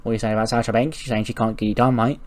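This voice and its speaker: A man's voice: mid-range voice, level tone, very fast, natural voice. A man voicing an aggressive female wrestler who swears and picks a fight. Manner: swearing, confrontational.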